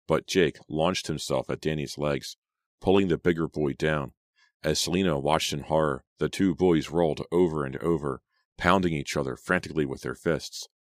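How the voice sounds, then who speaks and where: A male audiobook narrator with a very deep, low voice tells the story at a steady pace. The recording is dry and close, with no room sound. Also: no echo. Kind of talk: scripted narration.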